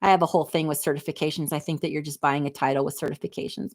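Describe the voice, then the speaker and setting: A lowish-voiced woman in her forties, chatting on a livestream. She reads viewer comments and answers them with candid, snarky asides. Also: steady tone, quick pace, hardly any pauses. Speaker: livestream host reading chat. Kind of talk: casual livestream chat.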